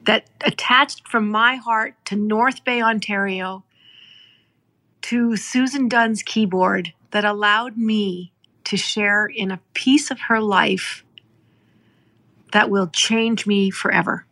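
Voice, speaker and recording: A middle-aged woman from Canada, hosting a podcast and telling a moving story in an earnest, heartfelt way, slowing down for emphasis. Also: mid-range voice, steady tone, sharp tone. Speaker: podcast host. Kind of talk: emotional storytelling.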